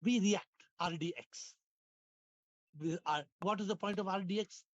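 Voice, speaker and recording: A hoarse man, leading a spiritual class over a video call, playful and laughing, with lots of repetition. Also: sits high, unhurried, no room sound, dull audio. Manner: playful, laughing, repeats phrases, asks questions. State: hoarse, lost his voice. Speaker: spiritual teacher hosting an online class. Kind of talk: casual spiritual class talk.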